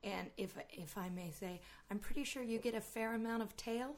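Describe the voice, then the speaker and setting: A woman hosts a relaxed podcast interview. She asks questions and answers her guest with quick, playful reactions and frequent laughter. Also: a little high. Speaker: podcast host. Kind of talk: casual interview chat.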